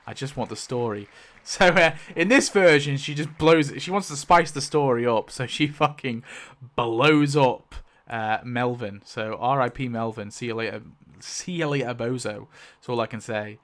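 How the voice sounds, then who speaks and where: A man giving casual, animated commentary as he rewrites a story, thinking aloud, swearing and exclaiming in mock outrage. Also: medium pitch, normal speed. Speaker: YouTube creator.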